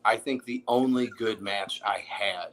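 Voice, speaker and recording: A man's voice: lowish voice, a little slow, a crowd in the background. A man co-hosting a casual podcast chat, in loose, jokey banter. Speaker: co-host.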